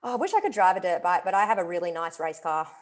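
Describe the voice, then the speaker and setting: A woman's voice: on the low side, big pitch swings, fast. A woman, a guest author, talking enthusiastically on a video call, full of "literally" and "like.". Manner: enthusiastic, talkative, repeats "literally" and "like". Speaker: guest author and wellness coach. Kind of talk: casual interview chat.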